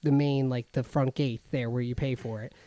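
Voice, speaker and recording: A man's voice: medium pitch, steady tone, moderate pace, warm tone, no echo. A man on a casual podcast, playfully hedging and downplaying his friend's story. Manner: laid-back, hedging, playful. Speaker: podcast co-host.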